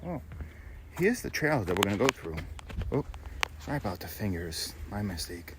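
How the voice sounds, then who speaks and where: A man's voice: lowish voice, very animated, moderate pace, heavy background noise. A man vlogging a walk outdoors, chatty and enthusiastic as he narrates what he sees. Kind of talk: walking tour vlog. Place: outdoors on a nature trail and lookout tower.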